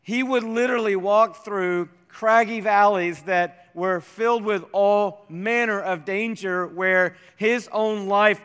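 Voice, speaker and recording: A man preaching a sermon as a pastor, slowing down and dropping almost to a hush to stress his points. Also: sits high, steady tone, clear, resonant tone. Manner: slows down and drops to near-whispers for emphasis. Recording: reverberant hall.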